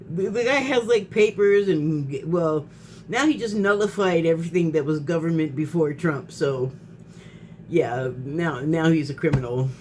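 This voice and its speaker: A woman's voice: lowish voice, darkish tone, slight background noise. A woman vlogger in a casual spoken monologue who rambles, restarts her sentences, laughs often and gets heated.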